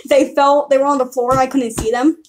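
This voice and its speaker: A woman's voice: high-pitched, little pitch movement, fairly quick, a little hiss or hum. A young woman on a casual live stream, talking through her old drawings in a giggly, self-mocking ramble.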